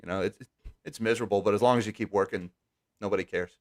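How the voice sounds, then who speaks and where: A man hosting a live stream, talking casually and wryly, with quick sarcastic asides. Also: on the low side, steady tone. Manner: chatty, wry, quick asides. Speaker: livestream host.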